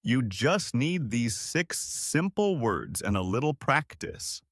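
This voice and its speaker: A man hosting an English lesson podcast, speaking slowly and clearly in a scripted, encouraging repeat-after-me style. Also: mid-range voice, very animated, a bit bright, no echo, studio quality. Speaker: English teacher and podcast host.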